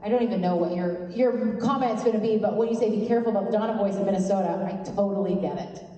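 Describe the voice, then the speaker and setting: Woman from Canada, panel guest, animated and laughing, swears freely, mellow voice, distant mic in a reverberant hall. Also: mid-range voice, quick pace, highs cut off. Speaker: convention panel guest actor. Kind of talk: live fan Q&A. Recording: echoey convention hall from far off.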